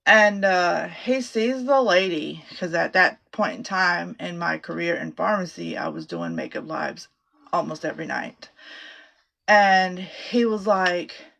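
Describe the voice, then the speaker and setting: Gravelly low-voiced woman, chatty. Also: lively intonation, measured pace, fairly bright tone. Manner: rambling, chatty, swears freely. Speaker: makeup vlogger. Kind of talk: casual makeup tutorial chat. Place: small home office closet.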